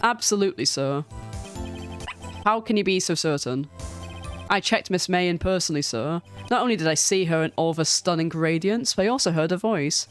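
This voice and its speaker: A woman reading a stiff, fawning male bellboy from a courtroom game, clipped and formal, who sinks his voice low on every "sir". A soft, slightly low voice, with quiet music under it. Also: a little fast, lightly acted. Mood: prim. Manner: formal and deferential, ends lines with a low "sir".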